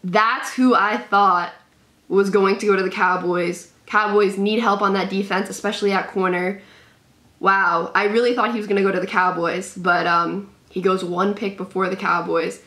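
An excitable woman reacts live to sports as a channel host, repeating exclamations in a run of emotional commentary. Her voice sits at an ordinary middle pitch for a woman. The room around her is noticeably echoey. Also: moderate pace.

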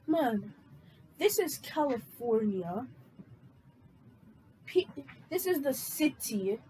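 A woman doing a shrill ranting city guy. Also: sing-song, slow, slight background noise, heavily acted, rough recording. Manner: shouting, ranting, voice jumping high.

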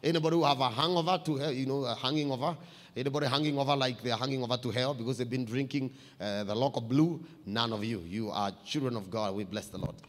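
A man, a church pastor preaching a sermon, climbing louder and higher as he reads scripture. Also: fast talker. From Kenya. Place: church hall. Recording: long hall reverb.

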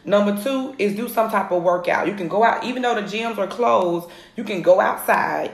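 A woman, coaching viewers on a live phone video from home, energetic and repeating her points. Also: medium pitch, moderate pace, vocal fry. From Atlanta area, US. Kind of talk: live social media coaching. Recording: roomy phone recording.

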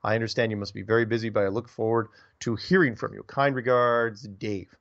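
A low-pitched man talks casually through listener mail, rambling and tripping over repeated words. The recording is dull and lo-fi, with the top end rolled off. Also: steady tone, fairly quick, creaky. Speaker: radio show host reading listener emails. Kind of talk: casual radio talk.

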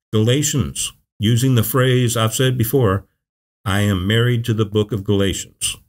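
A man preaching in a Bible teaching video, with measured, emphatic phrasing and repeated scripture quotations. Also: mid-range voice.

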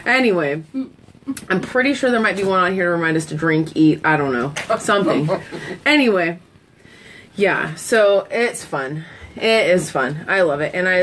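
A woman's voice: fairly low pitch, a little hiss or hum, rough recording. A talkative woman hosting a live sales stream, telling stories in a casual, chatty way. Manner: talkative, storytelling, giggly asides.

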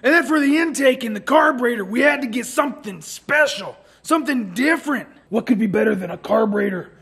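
Guy with a high voice hamming it up, sarcastic over-the-top car vlog rant. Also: lively intonation, a little fast, vocal fry, a bit bright, breathy edge. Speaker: channel host. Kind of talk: comedic car build vlog.

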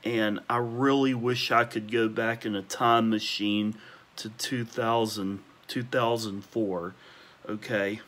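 A young man at home at night, ranting emotionally about people he misses and repeating warm praise, sometimes talking quietly. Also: fairly low pitch, fairly even intonation, takes it slowly. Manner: emotional, repetitive, listing names with gushing praise; talking quietly at times because parents are asleep. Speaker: vlogger. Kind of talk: nostalgic rant to camera.

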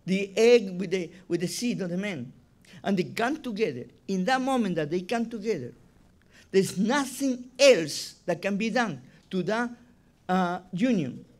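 A man for whom is a delivers a rabbi's sermon. He speaks at a slow, unhurried pace, and his voice sits high for a man. He stresses points emphatically, often repeating words as he builds his argument. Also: animated. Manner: emphatic, repeats words, non-native phrasing.

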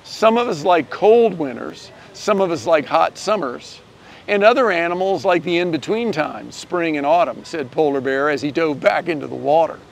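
A man reading a children's picture book aloud, gently telling the story and shifting his voice a little for each character. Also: fairly high pitch, animated, moderate pace, creaky, slight background noise. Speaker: storybook reader.

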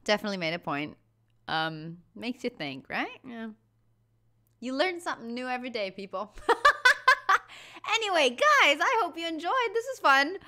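A woman's voice: high-pitched, sing-song, moderate pace, pauses often, bright, forceful tone. An American woman hosting a reaction video, chatty and giggly, rambling through her thoughts. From United States. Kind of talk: casual reaction chat.

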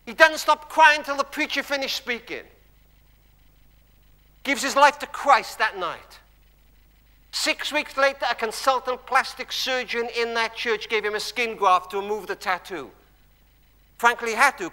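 A man preaching a sermon in a church, telling stories emphatically and dropping to hushed tones. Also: extremely high pitch, moderate pace. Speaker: guest preacher. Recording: long church hall reverb.

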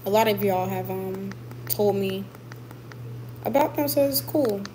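Woman boxer just talking to her viewers, kinda mellow voice, faint hum behind her. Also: mid-range voice, a little slow, poor audio. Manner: emphatic, repeats herself for stress. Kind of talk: casual livestream chat with viewers.

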